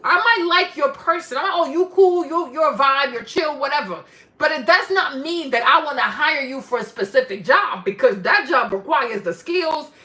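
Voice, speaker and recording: A woman vlogger delivering a ranting commentary, animated and emphatic, repeating herself for effect. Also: sits high.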